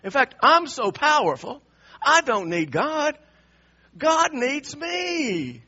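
Guy doing a puffed-up arrogant king, high and bright, boastful and slow, dull lo-fi sound. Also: very animated, heavily acted. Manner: boastful, swelling and drawn-out. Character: boastful proud male king, arrogant and self-important.

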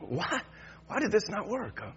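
Husky-voiced preacher, lively and high. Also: male voice, moderate pace. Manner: conversational, repeats words, chuckles often. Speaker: pastor. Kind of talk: sermon. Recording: dull lo-fi sound.

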